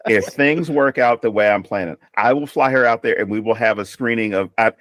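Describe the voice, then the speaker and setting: A man co-hosting a podcast, chatting casually and telling lively stories, acting out his mother's lines. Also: on the low side, fairly quick, dry recording. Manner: animated storyteller, acts out his mother's lines. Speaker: podcast co-host. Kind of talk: casual chat.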